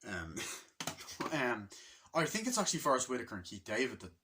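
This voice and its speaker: A young man giving a casual, rambling movie review, swearing often and filling pauses with ums. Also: medium pitch, huge pitch swings, noisy background. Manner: rambling and profane, full of fillers.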